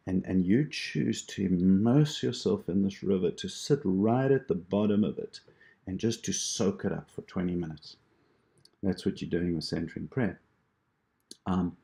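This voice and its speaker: Brief: gentle meditation teacher, low-voiced man with a warm, mellow tone. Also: creaky. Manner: gentle, reassuring, explains with imagery. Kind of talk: instructional talk on prayer practice.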